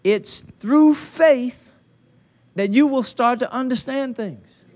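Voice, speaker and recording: High-voiced preacher, call-and-response fervor. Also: male voice, slow pace. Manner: call-and-response preaching, rising to loud emphatic peaks; folksy, with colloquial phrasing. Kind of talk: sermon. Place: conference hall. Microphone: handheld mic.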